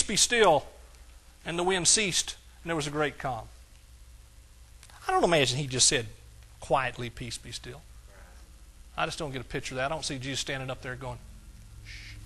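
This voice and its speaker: A man preaching a sermon as pastor, with emphatic lines that swing from soft to hollering. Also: a little high, breathy edge.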